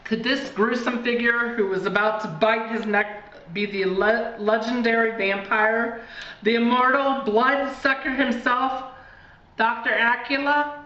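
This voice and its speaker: Woman reading a spooky storybook slowly. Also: on the high side, fairly even intonation, pushed and bright. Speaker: reader. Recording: distant, echoey, dull, faint hiss.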